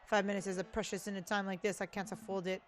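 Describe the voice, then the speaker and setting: A woman's voice: mid-range voice, little pitch movement, fast talker, faint music behind, lightly acted. A woman playing a stern, contemptuous rebel leader.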